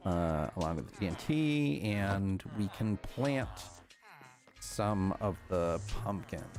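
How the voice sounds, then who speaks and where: A man streaming a game, chatting casually and rambling to himself with frequent chuckles. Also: low-pitched. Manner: rambling, self-talking, chuckles often. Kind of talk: casual live-stream chat while playing.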